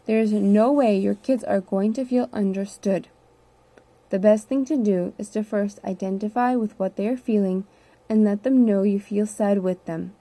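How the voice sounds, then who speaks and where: A woman reading a nonfiction book aloud in a steady, measured, earnest way. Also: medium pitch, no room sound. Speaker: audiobook reader. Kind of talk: nonfiction audiobook narration.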